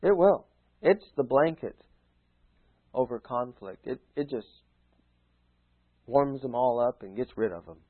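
A man preaching a folksy sermon, urging his listeners, swinging from loud appeals to hushed asides. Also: mid-range voice, lively intonation, unhurried, long pauses, breathy edge. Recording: phone-like narrow sound.

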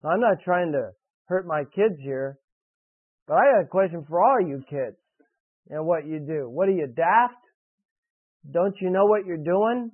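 A man's voice: sits high, very animated, normal speed, pauses often, no echo. A man preaching a sermon and reading scripture, earnest and direct, pressing questions on his listeners. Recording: tinny, dry radio broadcast.

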